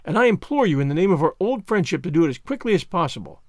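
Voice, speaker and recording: A man's voice: sits high, no echo, clean studio sound. A man voicing an eager, dramatic teenage girl student, talking earnestly and effusively. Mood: anxious. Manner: earnest, effusive, quick when excited.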